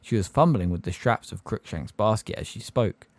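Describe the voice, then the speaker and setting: A man narrating a fantasy audiobook with an expressive delivery. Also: fairly low pitch, moderate pace, no echo. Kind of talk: fan audiobook reading.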